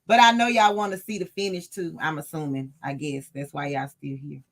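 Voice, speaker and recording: A woman's voice: deep voice, fairly even intonation, fairly quick. A woman hosting a casual livestream sewing lesson, chatty and laughing often as she talks to her live chat. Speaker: sewing tutorial host.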